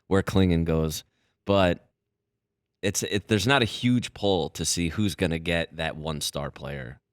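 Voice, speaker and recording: A man on a sports talk radio show answering the host hesitantly, with many pauses and restarts. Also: low-pitched, clean tone, no echo, studio quality.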